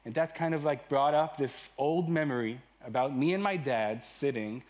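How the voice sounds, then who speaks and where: A man's voice: mid-range voice, normal speed, a little mellow. A man from Israel giving an enthusiastic, self-deprecating conference talk on stage, with frequent fillers. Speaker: conference speaker.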